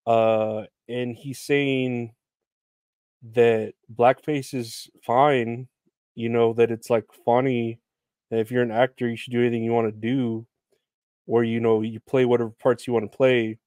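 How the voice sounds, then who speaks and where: A man's voice: mid-range voice, level tone, unhurried, darkish tone, smooth, no room sound, studio quality. A young man hosting a solo podcast, rambling in a sardonic, profane way with lots of fillers. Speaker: podcast host. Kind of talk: casual solo podcast rant.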